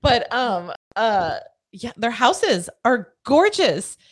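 Female co-host, 30s, casual and profane, laughing storyteller, slightly high pitch. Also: slow pace. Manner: laughing, swearing, animated storytelling. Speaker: podcast co-host. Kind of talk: casual chat.

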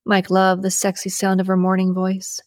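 A woman reading a romance novel aloud as narrator, in a measured, even storytelling delivery. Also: medium pitch, no echo, clean studio sound. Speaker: audiobook narrator.

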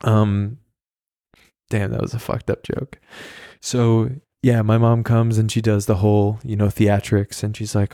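A man's voice: lowish voice, level tone, unhurried, mellow, no room sound, clean studio sound. A man hosting a podcast alone, telling a story in a rambling, profane way and laughing at himself. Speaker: podcast host. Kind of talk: casual solo storytelling.

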